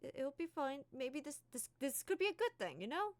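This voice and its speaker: A woman voicing a gentle, hopeful male councilman offering halting reassurance. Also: sits high, sing-song, no echo, pitched above the performer's own voice. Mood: reassuring.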